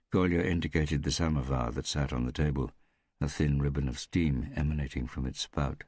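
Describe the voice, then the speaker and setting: Deep deep guy reading a crime audiobook, steady, dry close mic. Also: a little fast, dry recording. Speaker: audiobook narrator. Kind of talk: scripted narration.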